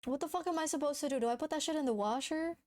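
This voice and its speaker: A young woman VTuber races through casual livestream chat in a high, slightly mellow voice. She's frantic, giggly, and swears often.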